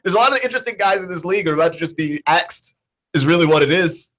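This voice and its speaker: A man hosting a sports talk radio show, arguing points in an animated way with casual slang. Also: fairly high pitch, quick pace.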